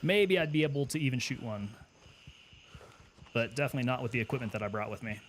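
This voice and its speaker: A man's voice: medium pitch, fast, slight background noise. A man streaming a military shooter game, thinking aloud in a casual chat and answering viewers' questions. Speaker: gaming streamer and Army veteran. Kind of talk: casual live gameplay commentary.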